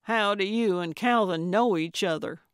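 A woman's voice: medium pitch, moderate pace, clear, resonant tone, no echo, clean studio sound, close to an everyday voice. A woman voicing a prickly, jealous older lady who uses a walker, speaking in a curt, grudging way in an audiobook. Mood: probing. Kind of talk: audiobook character voice.

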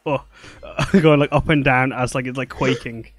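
A man's voice: mid-range voice, fairly even intonation, moderate pace, dry recording. Man running a tabletop game. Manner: rambling, full of fillers. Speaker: dungeon master.

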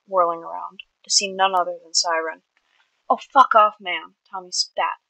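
Bright-voiced woman reading her fiction. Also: lowish voice, dry recording, rough recording. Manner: earnest reading with small slips and restarts. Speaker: amateur writer. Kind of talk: reading own fiction aloud.

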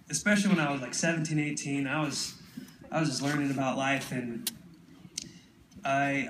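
A man's voice: fairly high pitch, background noise. A man introducing his song to a concert crowd in a rambling, laughing way. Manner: laughing, self-interrupting. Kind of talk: rambling onstage talk. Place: live concert venue. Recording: echoey live venue from a distance.

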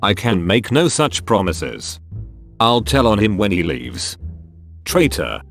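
A man narrates a text-message story, switching between the chat characters as he reads. His voice sits a little low and swings widely up and down, with soft music playing behind him. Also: very animated, unhurried, gravelly. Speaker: fan fiction narrator.

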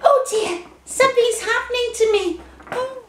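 A woman's voice: very high-pitched, unhurried, roomy sound, background noise. A woman voicing a spoiled little princess puppet, wide-eyed and chatty. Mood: wondering. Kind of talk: children's puppet show.

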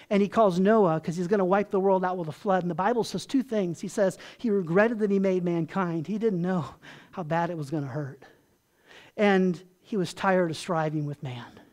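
Preaching in a homespun, chatty manner, a pastor questions his congregation and lowers his voice gently at the tender points.

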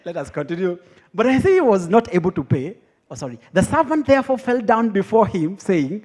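Husky high-voiced Kenyan preacher. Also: male voice, normal speed. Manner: lively, laughs often, teasing the congregation. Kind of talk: teaching sermon, mixing English and Swahili.

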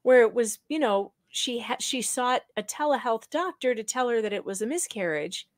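A woman hosting a live stream, skeptically arguing her point step by step with quick restarts. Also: fairly high pitch, expressive, dry recording, studio quality. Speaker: livestream host. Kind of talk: casual live-stream commentary.

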